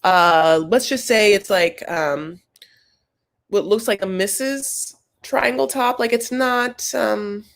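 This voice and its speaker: A woman hosting a casual reality TV recap, gossipy and animated, calling her viewers "honey". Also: mid-range voice, takes it slowly, gravelly.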